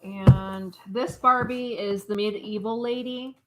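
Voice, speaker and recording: A woman co-hosting a live stream, describing items one by one in an unhurried way. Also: mid-range voice, steady tone, heavy background noise. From United States. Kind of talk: live-stream item showcase.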